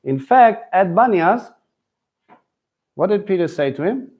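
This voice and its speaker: Preaching live to a Messianic congregation, this teacher keeps things conversational and often asks the crowd questions. His voice sits high with lively intonation and a measured pace, heard through lo-fi sound.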